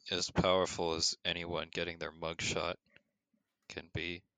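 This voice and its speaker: A man's voice: low voice, monotone, unhurried, pushed and bright, no room sound. A man co-hosting a podcast, dropping dry, brief interjections into the conversation. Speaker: podcast co-host. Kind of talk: casual podcast banter.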